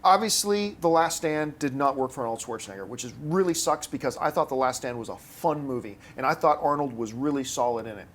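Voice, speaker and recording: A man hosting a casual movie news panel, arguing his points with animated bursts of emphasis. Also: medium pitch, brisk, few pauses, slight background noise.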